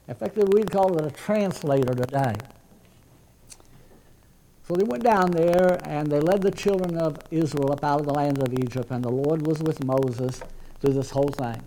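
A man's voice: a little high, normal speed, mellow, a little hiss or hum, rough recording. A man preaching a sermon as pastor, earnest and conversational, often restarting his words.

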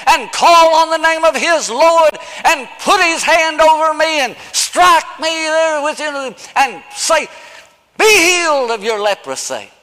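A man's voice: very high voice, expressive, a little slow, bright, forceful tone, pitched above the performer's own voice, full character voice. A man voicing a proud, indignant male army commander, with a raised, declaiming delivery. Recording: long hall reverb.

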